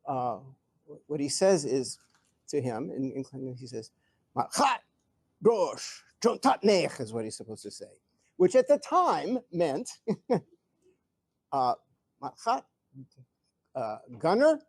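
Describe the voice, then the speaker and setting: An older man answering audience questions at a live event, telling stories in an animated way, chuckling and often restarting his sentences. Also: mid-range voice, a little slow, long pauses, slightly rough, no echo, clean studio sound. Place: event hall before an audience.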